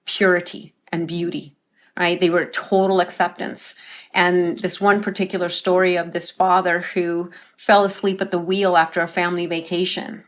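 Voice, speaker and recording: A woman life coach, a guest on an interview show, telling stories earnestly and often ending her points with a tag question. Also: on the low side. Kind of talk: conversational interview storytelling.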